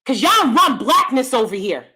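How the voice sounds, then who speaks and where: American woman commentator, high voice with a wide range, blunt and profane. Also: sing-song, moderate pace, bright, forceful tone, breathy edge. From United States. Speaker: YouTube commentator. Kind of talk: ranting commentary.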